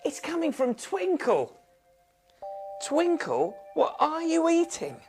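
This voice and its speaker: A woman presenter reading a storybook aloud to children, expressive and emphatic. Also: high-pitched, slow pace, soft background music.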